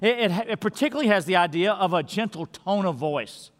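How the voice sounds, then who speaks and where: A man preaching a sermon as pastor, earnest and repetitive, sometimes dropping his voice to a hush to stress a word. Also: sits high, lively intonation, brisk. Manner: earnest, repeats key words, drops to a hush for emphasis. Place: large church sanctuary. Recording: long hall reverb in a big church.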